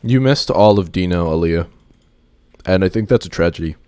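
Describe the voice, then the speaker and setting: A man's voice: sits low, moderate pace, warm tone, clean tone, no room sound. A man streaming a game and chatting casually in a rambling, joking way. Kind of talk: casual gaming stream chat.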